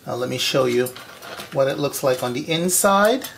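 A man's voice: medium pitch, expressive, moderate pace, vocal fry, a bit bright, slight background noise. A man hosting his own home cooking vlog from his kitchen, flamboyant and sassy, calling viewers "honey" and "baby" and breaking into frank rants. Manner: frank, ranty asides to viewers. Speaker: home cooking show host. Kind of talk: casual cooking vlog to camera.

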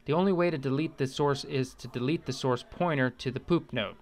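A man's voice: mid-range voice, fairly quick, soft background music. A man narrating a computer tutorial with comedic, profane tangents. He is irreverent and rambling. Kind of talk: comedic screen-recorded tutorial voice-over.

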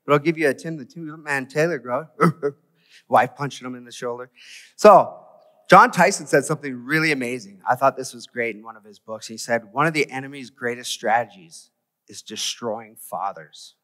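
A man giving a conversational church sermon, animated and full of rhetorical questions. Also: medium pitch, normal speed, long reverb tail. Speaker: preacher. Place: church sanctuary.

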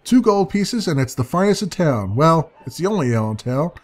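A man's voice: fairly high pitch, very animated, fairly quick. A man voicing a thick-set, boastful male tavern keeper. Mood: welcoming.

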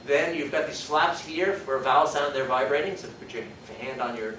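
A man's voice: mid-range voice, brisk, few pauses, fairly bright tone, distant mic, slight background noise. Man lecturing in an echoey hall. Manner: explanatory, thinks aloud, demonstrates vowel sounds. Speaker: university lecturer. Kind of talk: classroom lecture.

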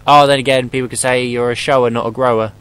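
A man's voice: medium pitch, level tone, quick pace, a bit bright, clean tone, rough recording. A young man commentating his horror gameplay, rambling and joking, swearing often and talking back to the game.

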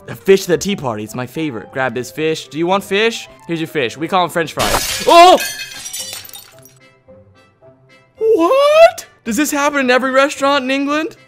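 Young male gaming host, excitable and silly, bright tone, light music under. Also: a little high. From United States. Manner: goofy and excitable, yelling in mock frustration. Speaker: gaming YouTuber. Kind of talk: comedic let's play commentary.

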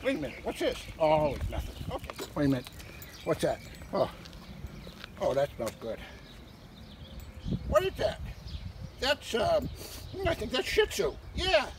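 A man voicing an excitable, crude male dog who rambles and gets distracted by smells on a walk, recorded outdoors from a distance with loud background noise. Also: on the high side, unhurried, pauses often. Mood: giddy. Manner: giddy, rambling, distractible sniffing talk.

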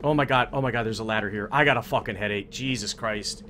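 A young man streaming a game live, swearing a lot, yelling in panic and talking to his viewers as bros. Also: on the low side, fast, slight background noise. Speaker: gameplay streamer. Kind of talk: live gameplay commentary.

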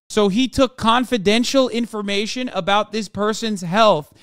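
A man's voice: high-pitched, animated, normal speed, hardly any pauses, fairly bright tone, clear, resonant tone, dry recording, studio quality. A man streaming live and reacting with profane, incredulous, joking commentary. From United States.

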